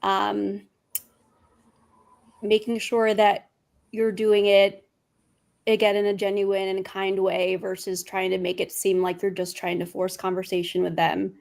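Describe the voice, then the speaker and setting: A woman life coach on a casual panel, speaking slowly and searching for her words. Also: mid-range voice, little pitch movement, gravelly, darkish tone.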